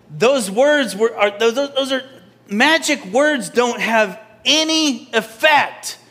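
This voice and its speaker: Slow, bright-voiced preacher. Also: male voice, very high voice. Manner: swings from loud emphatic to soft near-whisper; conversational, with restarts and asides to the congregation. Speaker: pastor. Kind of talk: sermon. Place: church.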